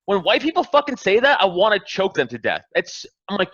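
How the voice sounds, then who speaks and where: A man's bright, forceful voice swings widely in pitch as he rants on a podcast, swearing freely and hammering his points. The sound is dry and a little dull, like a plain home podcast setup. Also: very animated, a little fast, hardly any pauses, no room sound. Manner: profane, impassioned, ranting with rising emphasis. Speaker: podcast guest, comedian. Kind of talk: heated casual podcast rant.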